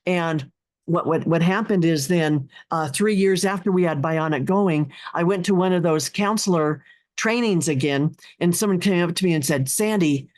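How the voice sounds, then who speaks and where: A woman's voice: on the low side, moderate pace, a little mellow. A middle-aged woman guest telling stories in an earnest, heartfelt way, with many restarts and fillers. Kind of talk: casual interview talk.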